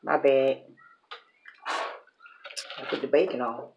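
A woman's voice: very deep voice, fairly even intonation, takes it slowly, gravelly, background noise. A woman chatting casually to the camera as she grills a burger, talking herself through each step and laughing at her own slips. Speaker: mukbang cooking vlogger. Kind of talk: casual cooking chat to camera. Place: home kitchen with grill.

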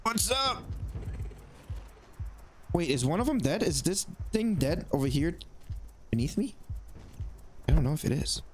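A man giving excitable let's play commentary, talking to the creatures on screen as he plays. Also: fairly high pitch, moderate pace, long pauses, faint music behind. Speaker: gaming YouTuber.

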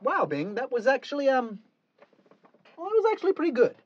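A woman's voice: high voice, very animated, brisk, dull audio, loud music behind the voice. A woman directing a recording session, exasperated and correcting the singer again and again.

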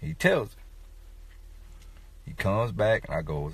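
A man's voice: on the low side, sing-song, slow pace, gravelly, breathy edge, dry recording. A man talking to his viewers in a casual, profane, rambling way, telling a comic story with sudden raised outbursts.

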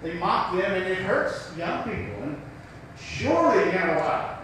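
High-voiced Southern preacher, echoey hall. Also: male voice, very animated, measured pace, recorded from a distance, noisy background. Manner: folksy, rhetorical questions. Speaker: pastor. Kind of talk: sermon.

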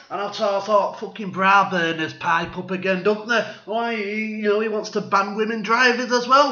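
A man's voice: high-pitched, steady tone, moderate pace, few pauses, pushed and bright. A man delivering a sarcastic, swearing satirical rant. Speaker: vlogger. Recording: echoey room, dull lo-fi sound.

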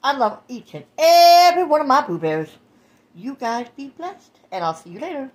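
A woman's voice: high-pitched, very animated, normal speed, a little mellow. A woman vlogger chatting casually to her viewers. She talks loosely, drawing out phrases and calling her audience baby and y'all.

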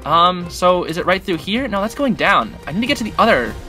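Excitable high-voiced man playing a game. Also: fairly quick. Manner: excitable, chatty, talks to the game characters. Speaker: gaming channel host. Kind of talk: casual gameplay commentary. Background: game music.

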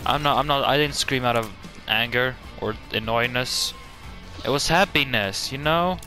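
A man riffs through his own gameplay with excitable, jokey commentary, swearing freely and bursting out at what happens on screen. His voice is bright and forceful, sitting at an ordinary middle pitch. Faint game music plays underneath. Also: normal speed. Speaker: gaming channel host.

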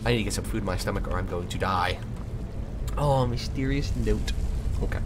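A man's voice: on the low side, a little fast, noisy background. A young man giving goofy, rambling gameplay commentary, muttering to himself as he plays. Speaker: let's play host.

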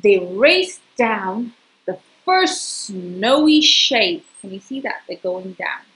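A woman's voice: fairly high pitch, rough recording. A woman reading a picture book aloud to a young child, speaking to the child directly and asking them questions. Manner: lively, sing-song, talks directly to a young child. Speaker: storyteller.

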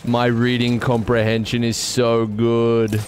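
A young man streaming a video game live, commenting in an excitable, jokey and self-mocking way. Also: medium pitch, takes it slowly, slight background noise.

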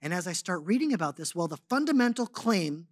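A man speaking to a congregation, telling a personal story and teaching, swinging between loud animated stretches and hushed ones. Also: high-pitched, brisk, no echo, clean studio sound. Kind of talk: testimony and sermon.

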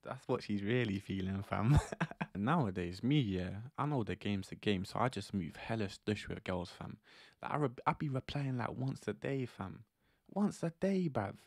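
Brief: young man, brash and animated slangy monologue, dry close sound. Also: on the low side, normal speed, gravelly, no echo. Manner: animated, brash, laughs often. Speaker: vlogger giving dating advice.

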